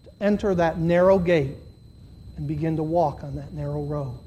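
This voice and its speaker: A man preaching a sermon to a congregation, swinging between loud, high, impassioned stretches and low, earnest appeals. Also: moderate pace, highs cut off, a little hiss or hum. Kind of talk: sermon with altar call. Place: church.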